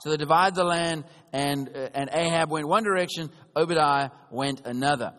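Male preacher, sermon, animated storytelling, high voice, long hall reverb. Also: normal speed. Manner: conversational, animated storytelling with frequent checks on the listeners.

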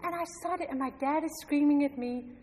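A middle-aged woman telling a personal faith story to a congregation, animated and often laughing. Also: high-pitched, a little fast. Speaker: church member giving testimony. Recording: long hall reverb.

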